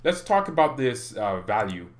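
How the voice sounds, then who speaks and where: A man hosting a casual livestream chat in a mid-range voice. He talks loosely and animatedly, often laughing, and his pitch leaps up whenever he gets worked up. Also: moderate pace. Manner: animated, chatty, laughs often, pitch jumps when excited. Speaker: fan channel host on a livestream.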